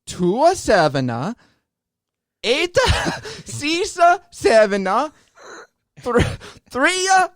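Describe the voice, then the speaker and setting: A man reading an ad in an exaggerated put-on Italian accent, halting with many fillers. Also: extremely high pitch, wildly swooping pitch, fairly bright tone, no room sound, studio quality, pitched above the performer's own voice, exaggerated voice. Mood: hammy. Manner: hesitant, many "uh" fillers, hand-gesturing. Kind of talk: comic ad read.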